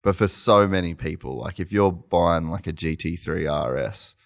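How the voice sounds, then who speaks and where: A man hosting a podcast in a casual interview, talking in a relaxed way and thinking aloud with lots of filler words. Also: sits low, moderate pace, gravelly. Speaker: podcast host.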